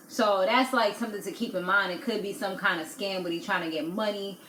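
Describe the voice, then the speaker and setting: A woman's voice: mid-range voice, fairly quick, few pauses. A woman talks through a reality TV episode in a casual, gossipy way, slipping into little acted-out quotes as she goes. Her voice sits in the middle range for a woman. The sound is roomy and echoey, with a faint hiss underneath. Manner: animated, gossipy, laughs often, acts out quotes. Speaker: TV recap vlogger. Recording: echoey room with faint noise.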